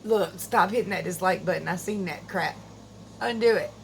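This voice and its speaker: A woman's voice: lowish voice, gravelly, a little hiss or hum, poor audio. A middle-aged woman chatting casually and goofily as a vlogger at home, laughing easily. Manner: goofy, chatty, quick to laugh. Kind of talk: casual chat.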